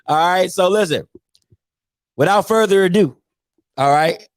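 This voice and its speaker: A man's voice: high-pitched, unhurried, no echo, studio quality. A man hosting a live call-in stream in casual chat, joking and laughing often.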